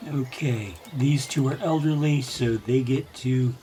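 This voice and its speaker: An older man with a gravelly voice, casually commentating as he plays a game, now and then clearing his throat. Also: medium pitch, a little slow, a little hiss or hum. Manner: relaxed, chatty, frequent throat clearing. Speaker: gaming channel host. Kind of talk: let's play commentary.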